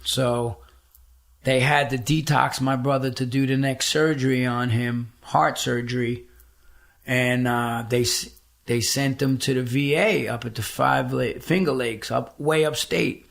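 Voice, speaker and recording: A man's voice: mid-range voice, fairly even intonation, measured pace, creaky, fairly bright tone. A middle-aged man, a podcast guest, telling a personal story in a casual interview, blunt, profane and emphatic.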